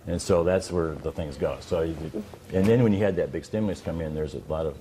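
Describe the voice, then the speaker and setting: An older man with a Midwestern American accent and a low, mellow voice. He talks in a loose, rambling way with restarts and dry asides, sounding like a credit union boss chatting in an interview. A faint hum sits behind him. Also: a little fast. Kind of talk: casual interview talk.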